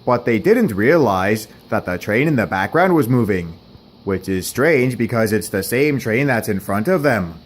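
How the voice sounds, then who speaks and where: Man narrating with a lively, swinging pitch. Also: normal speed. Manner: plain, wry storytelling with deadpan asides. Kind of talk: homemade toy-train story narration.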